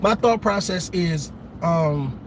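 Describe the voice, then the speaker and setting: A man's voice: fairly high pitch, expressive, slow, a little hiss or hum. A man hosting a show, delivering an emphatic commentary monologue, repeating his points and calling out to his listeners. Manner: emphatic, repetitive, calls out to listeners. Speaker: show host.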